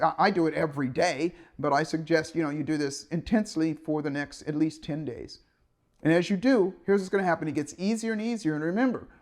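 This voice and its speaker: A man giving an earnest motivational talk to the camera, often restarting and repeating his phrases. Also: fairly high pitch. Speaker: motivational speaker.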